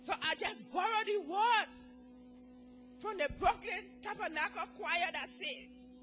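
A middle-aged woman from Africa with an African accent, giving an emotional church testimony that swings from quiet talk to shouted praise. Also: very high-pitched, lively intonation, unhurried, slight background noise.

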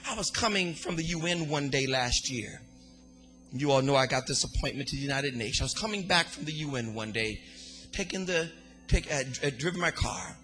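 A man preaching a sermon in a sing-song cadence, swinging between hushed, quiet passages and fervent shouting. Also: on the high side, animated, normal speed, faint music behind.

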